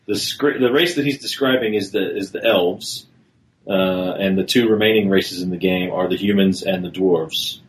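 A man's voice: sits low, moderate pace. A man in casual podcast chat, answering quiz questions in a confident, knowledgeable way. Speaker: podcast co-host, quiz contestant.

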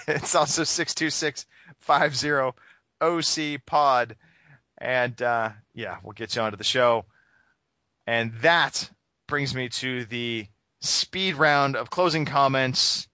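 Hosting a gaming podcast, a man talks slowly at a medium pitch with a sharp tone, joking and rambling with many fillers. There's no room sound.

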